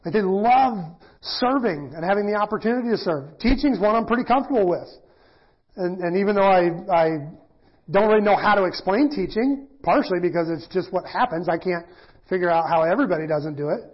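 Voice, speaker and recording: A middle-aged pastor teaching in a casual, self-deprecating sermon, often acting out quoted voices. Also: male voice, high voice, animated, fairly quick, husky. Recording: dull lo-fi church audio.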